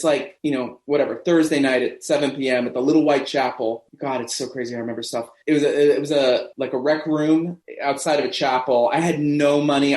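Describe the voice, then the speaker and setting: A man in his fifties, a podcast guest telling a long anecdote and acting out the voices of people he quotes. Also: on the high side. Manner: animated, acts out quoted voices. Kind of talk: anecdotal storytelling in a podcast interview. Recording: echoey room.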